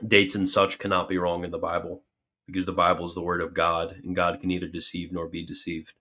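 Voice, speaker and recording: Guy with a low voice doing a chill stream q&a, goofy mock panic then serious explaining. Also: monotone, a little fast, bright, forceful tone. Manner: jokey, exaggerated mock alarm, then earnest explanation. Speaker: livestream host answering super chats. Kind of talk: casual livestream Q&A.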